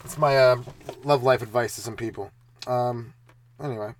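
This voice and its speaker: Over a little hiss or hum, a young comedian talks alone on his stand-up podcast in a mid-range voice. He wanders from topic to topic, cursing and throwing in fast side remarks.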